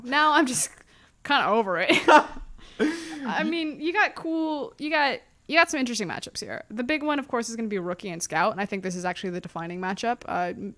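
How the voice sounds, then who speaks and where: A woman co-hosting a podcast in casual chat, lively and opinionated, with quick jokes. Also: mid-range voice. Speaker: esports podcast co-host.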